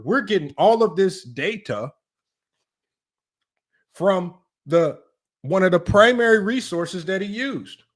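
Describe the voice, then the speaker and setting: A man hosting a live-stream basketball commentary, talking emphatically and repetitively, often tossing questions to his chat and arguing his point. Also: fairly high pitch. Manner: emphatic and repetitive, often asks "right?" and addresses "y'all"; argumentative, talks straight to his live chat. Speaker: sports analytics streamer.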